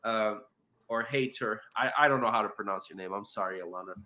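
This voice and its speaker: Male co-host with a bright, forward voice, chatty and explanatory. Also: lowish voice, brisk. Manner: explanatory, reads viewer questions. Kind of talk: casual livestream chat.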